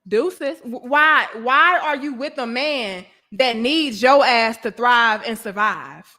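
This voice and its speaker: A woman in her thirties hosts a live online talk show, speaking slowly in a fairly high, bright, forceful voice with lively intonation. Her commentary is blunt, preachy, and emphatic, addressed straight to viewers as sis and brothers.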